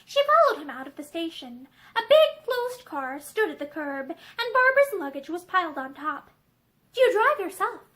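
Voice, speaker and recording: A young woman reading a novel aloud, with expressive, animated storytelling. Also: very high-pitched, normal speed, few pauses, rough recording. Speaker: reader. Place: indoor room with bookshelves.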